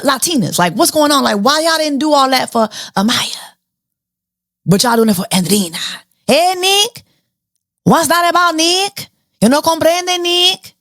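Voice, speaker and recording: A woman's voice: fairly low pitch, no room sound, studio quality. A woman hosting a casual reality TV recap, sassy and slangy, firing off rhetorical questions. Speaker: show host.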